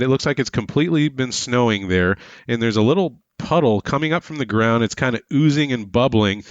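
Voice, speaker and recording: A man's voice: mid-range voice, dry recording. Laid back guy recapping a movie on a podcast, wry jokes, kinda dull dry mic sound. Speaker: podcast co-host. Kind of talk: casual chat.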